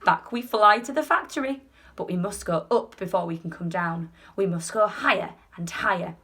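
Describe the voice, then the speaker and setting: A woman's voice: on the low side, normal speed, fairly bright tone, slightly rough. A woman voicing an eccentric, theatrical male chocolate maker in a children's storybook reading. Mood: excited. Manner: theatrical and exclaiming.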